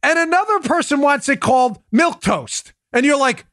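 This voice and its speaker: A man's voice: very high-pitched, animated, normal speed, fairly bright tone, no room sound. A man hosting a political commentary show, talking in an emphatic, mocking, sarcastic way. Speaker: podcast host.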